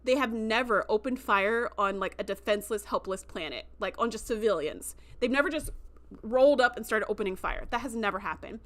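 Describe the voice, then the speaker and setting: A woman voicing a composed starship captain and mother, explaining in a measured, firm way. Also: a little high, a bit bright, lightly acted.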